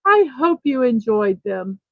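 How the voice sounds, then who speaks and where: A woman's voice: a little high, very animated, measured pace, no room sound, phone-quality sound. A woman hosting a casual livestream morning show, chatting, reading viewer comments aloud and fumbling a little with numbers.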